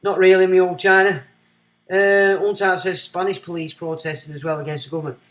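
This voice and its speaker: A man hosting a livestream, giving blunt, sarcastic commentary that swings from muttering to loud. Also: high voice, level tone, a little fast, reverberant. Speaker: livestream host.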